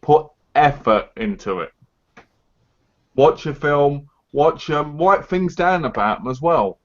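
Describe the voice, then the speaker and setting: A man's voice: fairly high pitch, expressive, takes it slowly. A man co-hosting a casual live chat, giving blunt, insistent advice in a lecturing tone. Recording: dull lo-fi stream audio.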